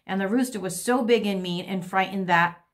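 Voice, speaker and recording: A woman's voice: mid-range voice, normal speed, close to an everyday voice. A woman voicing a grumpy male house cat, exasperated and insistent.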